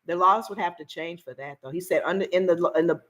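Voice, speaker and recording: A woman's voice: fairly low pitch, fast talker, fairly bright tone. A middle-aged woman co-hosting a family vlog, chatting casually and agreeably. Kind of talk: casual chat.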